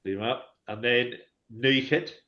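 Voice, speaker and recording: A man teaching a relaxed one-to-one language lesson, patiently drilling words call and response and encouraging his learner. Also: mid-range voice, a little slow, muffled recording.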